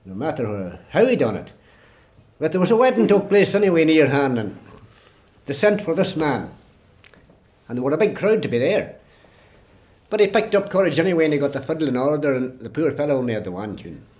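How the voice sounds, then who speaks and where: Donegal storyteller, older style, rambling folksy delivery. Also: male voice, on the high side, big pitch swings, fairly quick, long pauses, a little mellow. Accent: Irish (Donegal). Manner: rambling, repetitive "he says". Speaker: traditional storyteller. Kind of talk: folk storytelling.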